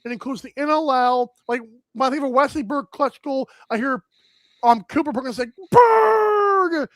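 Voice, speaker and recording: High-voiced energetic male sports talk host. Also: brisk, dry recording. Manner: energetic, rambling, many fillers.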